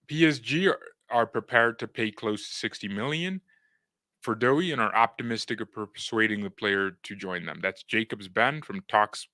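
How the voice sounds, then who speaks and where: A man's voice: fairly low pitch, normal speed, bright, forceful tone, no room sound. A young man hosting a fan live stream, joking in slang, talking to his chat and reading news aloud. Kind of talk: casual live-stream commentary.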